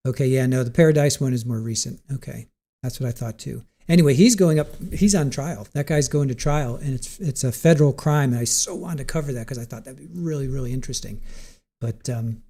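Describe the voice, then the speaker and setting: A man hosting a live stream, chatting casually and reading viewer comments aloud, rambling and thinking out loud with frequent restarts. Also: medium pitch, a little fast.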